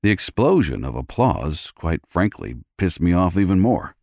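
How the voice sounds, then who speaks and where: A man's voice: low voice, very animated, normal speed, a little mellow, dry recording, studio quality. A man reading a first-person romance audiobook with a gritty, tough-guy delivery. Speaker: audiobook narrator.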